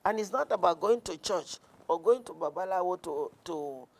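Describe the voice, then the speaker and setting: A woman guest speaks earnestly about her clinic work, her voice carrying a gravelly texture. She tells stories at a measured pace, often restarting a sentence as she goes. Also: lowish voice, lively intonation, darkish tone. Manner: earnest, storytelling, with frequent restarts. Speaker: guest counsellor. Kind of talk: conversational interview.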